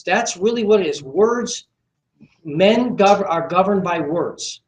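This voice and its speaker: A man's voice: high voice, expressive, slow pace. A confident, assertive man giving a live sales training talk to a small group, acting out what he says to people. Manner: confident, assertive, acts out dialogue. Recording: echoey room recording.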